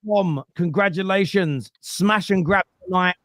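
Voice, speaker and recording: A man's voice: high voice, measured pace, fairly bright tone, dry recording. A man hosting a live football reaction stream, chatting casually and reading out viewer messages. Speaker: show host.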